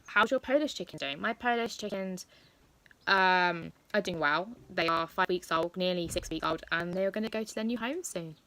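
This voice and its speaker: Bright-voiced young woman vlogger. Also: mid-range voice. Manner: chatty, rambling with many fillers. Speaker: pet YouTuber. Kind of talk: casual Q&A vlog.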